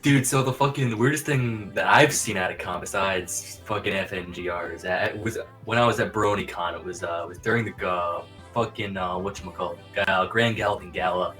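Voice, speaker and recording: A man's voice: low-pitched, a little fast, few pauses, pushed and bright, soft background music. Rambling, swearing man on a podcast. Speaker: podcast co-host. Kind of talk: casual chat.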